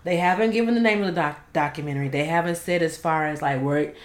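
A woman's voice: low-pitched, quick pace. A woman co-hosting a casual gossip chat, teasing and laughing a lot. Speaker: co-host. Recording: echoey room with faint noise.

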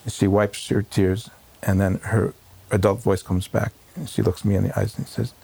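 A man, a rabbi, recalling a painful day in an emotional interview, talking in halting bursts with many fillers and restarts. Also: lowish voice, level tone, creaky, warm tone, breathy edge. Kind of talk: emotional personal recollection. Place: home.

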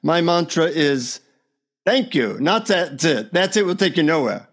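A man putting on a calm Indian guru. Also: a little high, unhurried, heavily acted. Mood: serene, instructive. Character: old Indian male guru, calm and sage. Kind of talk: acted quote inside a story.

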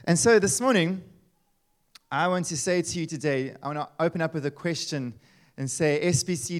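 A man in his thirties preaches a sermon. He talks in a lively, chatty way, full of asides and rhetorical questions. His voice sits a bit high for a man. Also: clean tone. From South Africa. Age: 30s. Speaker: pastor.

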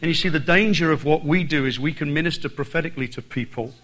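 A man's voice: on the high side, fast, a bit bright, low-quality recording. A man with an Irish accent preaching a sermon as a visiting preacher, driving points home by repeating phrases. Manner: emphatic, repeats phrases for stress.

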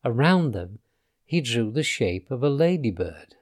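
A man reading a children's storybook aloud in an expressive way, letting his voice drop softly on the speech tags. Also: mid-range voice, measured pace.

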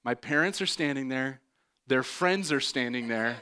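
A man's voice: mid-range voice, moderate pace, clear, resonant tone. A man in his thirties, a pastor preaching a sermon and telling a funny personal story with lots of fillers. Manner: animated, self-mocking storyteller with many fillers.

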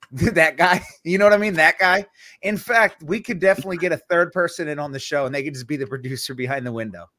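A young man hosting a casual Christian podcast, joking and animated, with preachy asides. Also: fairly high pitch, brisk, dry recording, studio quality. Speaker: podcast host. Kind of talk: casual chat.

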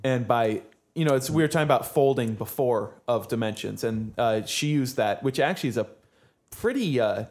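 A man's voice: mid-range voice, expressive, normal speed, a little mellow. Rambling, laughing male podcast host. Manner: rambling, lots of uh and restarts, laughs often. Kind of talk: casual chat.

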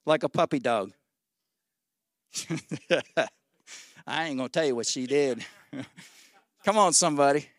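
A man in his sixties preaching a sermon as guest pastor, folksy and exhorting, swinging between loud shouts and low asides. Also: unhurried, long pauses, no echo, clean studio sound. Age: 60s. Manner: folksy, exhorting with 'come on, somebody'.

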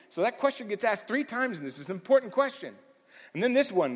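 A man preaching a sermon as pastor, animated and emphatic, swinging from loud bursts to hushed lines, with a conversational manner and fillers. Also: high-pitched, fast talker. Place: church hall. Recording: long hall reverb.

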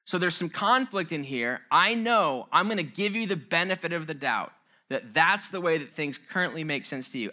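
A man's voice: on the high side, sharp tone. A man giving an informal talk on relationships, earnest and conversational, with self-mocking asides. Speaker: speaker on relationships.

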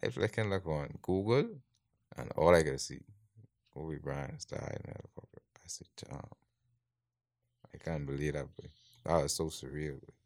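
Deep-voiced laid-back man. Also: normal speed, pauses often, darkish tone, no room sound, studio quality. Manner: laid-back, laughs often. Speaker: podcast co-host. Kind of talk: casual chat.

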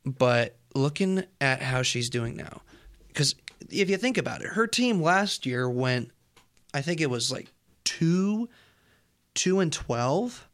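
A man's voice: fairly high pitch, animated, slow pace, a bit bright. Rambling young man hosting college radio. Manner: rambling, joking, easily distracted. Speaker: college radio show host. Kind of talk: casual radio chat. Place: radio studio.

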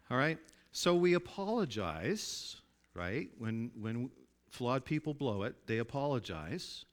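A man preaching a sermon in a conversational way, often asking his listeners to agree and dropping his voice low and soft for emphasis. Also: big pitch swings, slow. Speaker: pastor.

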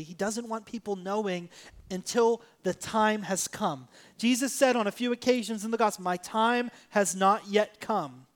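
A man preaching a sermon, animated, acting out quoted voices and swinging from soft to loud. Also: sits high. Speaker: pastor.

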